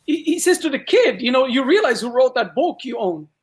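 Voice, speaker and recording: Lively Israeli man telling a story. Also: extremely high pitch, a little fast. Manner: lively storyteller acting out quoted dialogue. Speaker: guest magician. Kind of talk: casual podcast storytelling.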